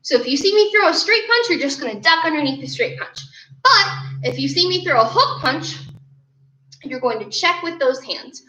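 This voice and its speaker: A woman's voice: sits high, sing-song, moderate pace, pushed and bright. A young woman teaching an online kids' martial arts class, upbeat and encouraging as she tells a story and calls out drills from an indoor studio. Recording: roomy, slightly dull sound.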